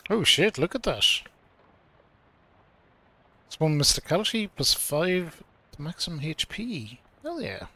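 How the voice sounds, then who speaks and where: A man's voice: a little high, expressive, a little slow, pauses often, bright, forceful tone, breathy edge. Casual man reading game text aloud. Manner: casual, reads in-game dialogue with mock old-fashioned delivery. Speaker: streamer.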